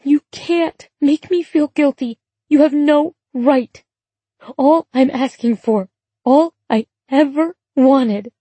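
A combative, wounded adult daughter, voiced by a woman narrating a storybook, her voice climbing high and loud as she accuses. The tone stays mellow and a little husky. The recording is dry and close. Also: expressive, moderate pace, dry recording. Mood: tearful. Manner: shouting, accusing, pitch rising.

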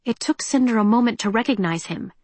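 A woman reading an audiobook in a measured, tense and expressive way. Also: a little high, slightly rough, dry recording. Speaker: narrator. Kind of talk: audiobook narration.

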